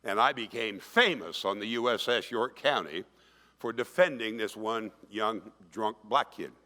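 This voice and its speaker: A man's voice: lowish voice, measured pace. A man in his sixties giving an emphatic keynote speech, telling stories to an audience in a conference hall. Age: 60s. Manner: animated, emphatic storytelling, acts out quoted voices. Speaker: keynote speaker. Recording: long reverb of a large hall.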